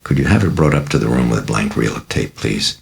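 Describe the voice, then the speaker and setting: A man voices a troubled priest in a storybook reading. The voice is very deep and gravelly, quiet and grave, and grows firm and insistent when he presses his point. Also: animated, fast, exaggerated voice. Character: troubled, determined middle-aged male priest.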